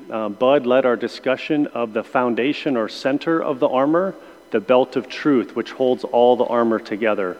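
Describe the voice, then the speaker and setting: A man leading a church Bible class in a conversational way, with many pauses and restarts. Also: mid-range voice. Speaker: Sunday school teacher. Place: church room. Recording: long hall reverb.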